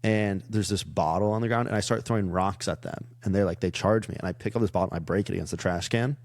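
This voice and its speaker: Young male comedian, low gravelly voice, dry close sound, rambling storyteller. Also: fast, dry recording. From Iowa. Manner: rambling, many "like" fillers, animated retelling. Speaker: comedian guest. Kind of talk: casual storytelling chat.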